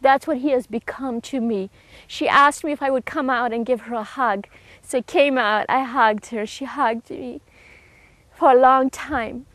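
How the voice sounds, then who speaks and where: A middle-aged woman giving an emotional personal testimony, earnest and heartfelt, with halting restarts. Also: high-pitched, fairly bright tone, dry recording.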